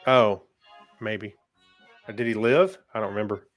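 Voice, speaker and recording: A man co-hosting a casual podcast, easygoing and quick to laugh as he reads history notes. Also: lowish voice, faint music behind. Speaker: podcast co-host.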